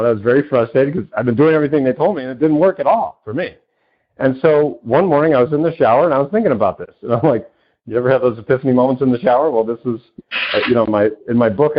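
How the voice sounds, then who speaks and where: A man being interviewed as a self-help coach, talking with enthusiasm and acting out little dialogues. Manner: enthusiastic, acts out dialogue with big pitch jumps. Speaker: self-help author and coach, podcast guest. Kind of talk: animated interview talk. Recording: dull lo-fi audio.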